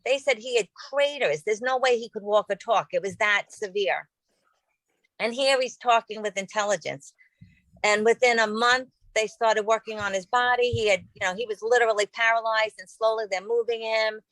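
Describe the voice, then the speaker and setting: A woman's voice: fairly high pitch, moderate pace, fairly bright tone, no room sound, low-quality recording. A woman in her fifties, a podcast host, telling a personal story in a casual, earnest, rambling way with lots of fillers. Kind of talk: personal testimony in casual conversation.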